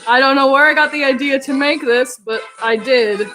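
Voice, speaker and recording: A woman's voice: sits high, normal speed, pushed and bright, soft background music. A woman live-streaming while drawing, chatting casually in a self-deprecating way and laughing often.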